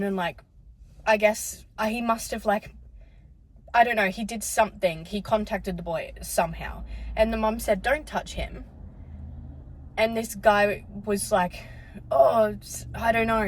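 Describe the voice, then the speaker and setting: A woman's voice: medium pitch, a little hiss or hum, rough recording. Chatty young Australian woman vlogging. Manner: chatty storytelling with many fillers and swearing. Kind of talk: casual vlog chat. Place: outdoors and in a car, around town.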